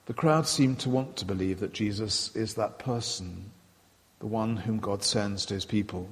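A man giving a sermon, retelling and quoting scripture in a measured, reflective way. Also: lowish voice, in a large hall. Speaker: preacher.

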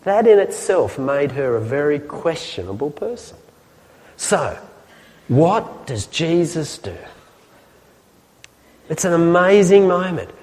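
A man preaching a sermon to a church audience in a chatty, lively way, often asking the listeners questions. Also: fairly high pitch, slow, long pauses, in a large hall.

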